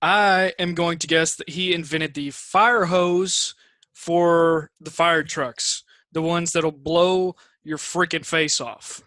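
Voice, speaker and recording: Tired male co-host, higher bright tone, hesitant delivery, dry sound. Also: steady tone, slow, no echo. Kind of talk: casual chat.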